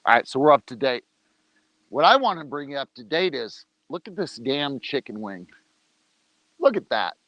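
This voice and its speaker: A man hosts a laid-back outdoor livestream, joking around and talking with food in his mouth. The sound is dry and a little dull, as if from a low-grade mic. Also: sing-song, moderate pace, pauses often, fairly bright tone, no echo. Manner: loose, joking, talks while eating. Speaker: organization leader on a livestream. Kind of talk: casual livestream talk. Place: outdoors, rain coming.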